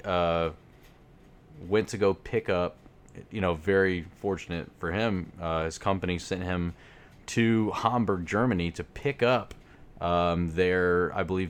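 A man's voice: sits low, measured pace. A man co-hosting a podcast in casual chat, reading ad copy with playful emphasis and laughing often. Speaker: podcast co-host.

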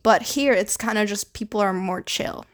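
A woman's voice: medium pitch, normal speed. A young woman from the Philippines, hosting a podcast, talking casually and rambling with lots of filler words and casual swearing. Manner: rambling, heavy use of fillers like "like" and "you know". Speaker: podcast host. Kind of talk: casual personal monologue.

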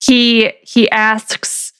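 A woman's voice: a little high, monotone, extremely slow, fairly bright tone, smooth. A woman co-hosting a casual podcast, chiming in with short agreements and details she looked up. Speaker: podcast co-host. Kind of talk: casual chat.

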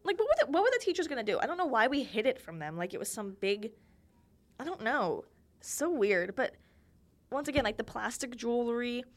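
On her own podcast, a young woman shares childhood stories in a chatty, giggly way, acting out the voices of the people she quotes. Her voice sits on the high side and sounds animated, and she talks at a normal speed. It's casual solo storytelling.

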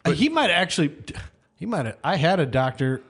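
A man's voice: fairly high pitch, very animated, a bit bright, husky. A man on a casual podcast, telling a story in stops and starts and correcting himself as he goes. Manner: halting, self-correcting storytelling. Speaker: podcast co-host. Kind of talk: casual chat.

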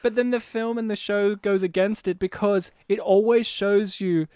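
Fast-talking, high-voiced man. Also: smooth, no room sound, clean studio sound. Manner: animated, fast-talking, laughs often, swears casually. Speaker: podcast co-host discussing a film. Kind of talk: casual chat.

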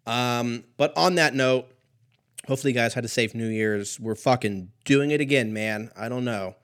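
A man's voice: mid-range voice, moderate pace, a bit bright. A man in his thirties, a little stoned, hosting a show in a meandering, profane comedic monologue that drifts from topic to topic. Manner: profane, meandering, laughs at own jokes. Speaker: podcast host.

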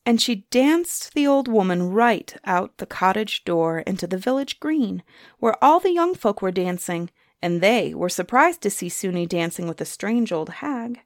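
A woman telling a folktale aloud in a lilting, expressive way, letting line endings trail off softly. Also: medium pitch, no room sound, clean studio sound. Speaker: storyteller. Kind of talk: folktale storytelling.

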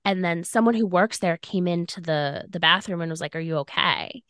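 A woman's voice: on the low side, moderate pace, dry recording, studio quality. A young woman co-hosting a podcast, telling a personal story casually, full of "like" and acted-out quotes. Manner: animated, fillers of "like", acts out quoted lines. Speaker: podcast co-host.

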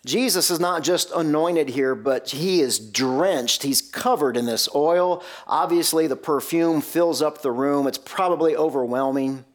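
A man preaching a sermon, telling a Bible story with lively rhetorical questions and shifting pace. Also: fairly high pitch, unhurried, hardly any pauses.

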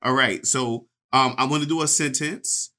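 Playful male co-host, bright and forceful tone, relaxed delivery. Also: mid-range voice. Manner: easygoing, playful, explains slowly. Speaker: podcast co-host. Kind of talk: casual podcast banter.

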